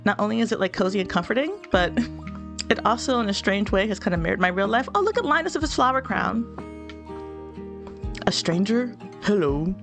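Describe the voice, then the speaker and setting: A young woman with a stuffy nose chats and giggles casually while playing a game as a let's play host, with faint game music in the background. Her mid-range voice is expressive and brisk throughout the gameplay commentary.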